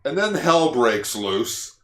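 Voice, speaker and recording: A man co-hosting a podcast, retelling a plot in animated casual chat. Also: medium pitch, takes it slowly, echoey room. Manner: animated retelling, lots of fillers. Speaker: podcast co-host.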